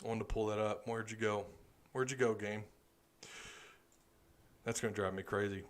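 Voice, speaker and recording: A man's voice: on the low side, fairly even intonation, moderate pace. A man hosting a casual live postgame talk, tired and rambling as he talks to viewers. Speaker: podcast host.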